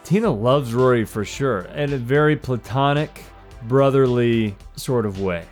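A man's voice: mid-range voice, faint music behind. A man playing a tabletop game, casual and playful in his banter. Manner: quick, playful, lively banter. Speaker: player.

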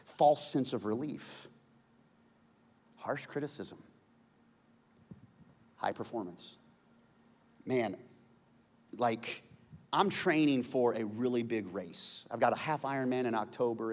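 A man preaching a sermon as a pastor, conversational, stumbling over repeated words and building to loud emphasis. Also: medium pitch. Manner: conversational, repeats words when searching, jokes and laughs, climbs to shouting. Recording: long hall reverb.

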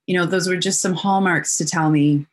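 A middle-aged woman, a guest on an interview, telling personal stories in an animated way and acting out the voices in them. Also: fairly low pitch, normal speed. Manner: animated storyteller who acts out quotes.

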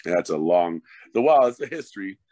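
A man's voice: low-pitched, a little fast, no room sound. A middle-aged man, a former hockey fighter turned coach, telling stories in a casual, profane podcast chat. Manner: profane, animated storyteller.

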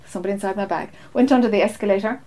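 A woman, a spiritual teacher, telling a story to a group in a lively way and acting out her own lines. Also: medium pitch, racing. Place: meeting room.

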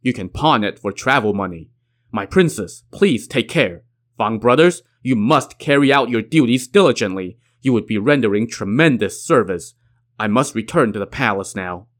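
A man's voice: fairly low pitch, expressive, moderate pace, natural voice. A man reading the lines of a loyal commander caught between duty and mercy, speaking formally. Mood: earnest. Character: loyal military commander, torn and steady.

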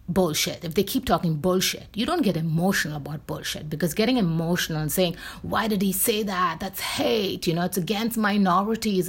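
A woman's voice: lowish voice, breathy edge. A woman talking casually and bluntly in a rambling opinion monologue, with frequent fillers and restarts.

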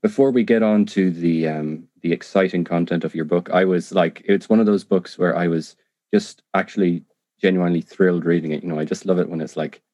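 A man's voice: deep voice, steady tone, brisk, dark tone, no echo, clean studio sound. A man who speaks English as a second language, hosting an interview in a hesitant, enthusiastic way with many ums. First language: not English. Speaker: podcast host. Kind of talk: casual interview talk.

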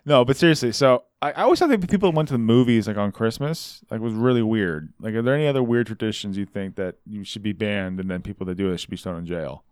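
A man's voice: on the low side, fast, few pauses, a little mellow, clean tone, dry recording. Male podcast co-host, loose joking banter, dry booth sound. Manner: joking, rambling with restarts and fillers. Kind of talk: casual banter.

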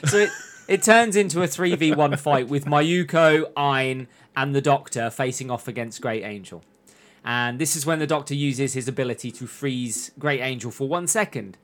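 A man's voice: mid-range voice, normal speed, a bit bright. Man recapping a show. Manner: recaps plot in long runs, acting out lines. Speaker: podcast host recapping an anime. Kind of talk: casual chat.

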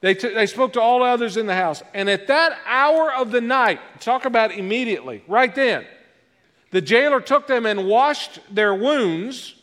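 A man delivers a sermon as a guest pastor, his voice pitched high. He preaches with animation and slips in self-mocking jokes. The sound rings with the long reverb of a church sanctuary. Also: moderate pace. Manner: self-deprecating joking asides, animated delivery.

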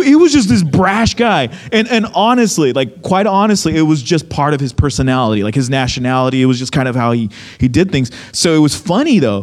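A young man preaching a sermon, telling a story with lots of acted-out quotes. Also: sits high. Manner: animated storytelling, acts out quotes. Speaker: pastor.

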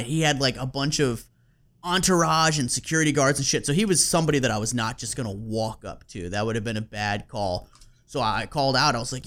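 A man hosting a podcast and telling a story in a loose, casual way. He laughs often, swears easily and leans on fillers. His voice sits at a middle pitch. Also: fast, fairly bright tone.

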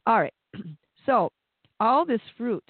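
High-voiced man preaching over a tinny line. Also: very animated, slow pace, no room sound. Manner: impassioned, repeats words when stirred. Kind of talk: sermon. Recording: dry, phone-like narrow sound.

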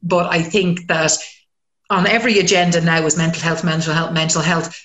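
A woman's voice: lowish voice, moderate pace, roomy sound. A woman, a community counsellor talking frankly in casual chat and swearing when she gets worked up. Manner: frank and animated, swears freely.

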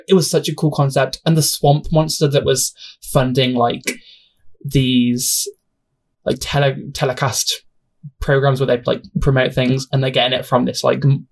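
Gushing young man rambling on his podcast. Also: medium pitch. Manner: gushing, self-deprecating, sidetracks and apologizes often. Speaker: podcast host. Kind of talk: casual solo podcast chat.

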